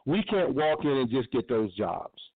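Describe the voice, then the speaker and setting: A man's voice: medium pitch, big pitch swings, measured pace, no echo. Impassioned man on a tinny line. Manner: blunt, profane, preaching. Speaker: radio show host. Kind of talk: impassioned commentary. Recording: tinny phone-line sound.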